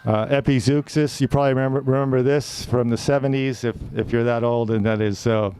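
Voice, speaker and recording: Smooth mellow man teaching a lesson. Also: medium pitch, steady tone, fairly quick. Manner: instructive, defining terms and quoting examples. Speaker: public speaking teacher. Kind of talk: online lecture with quiz.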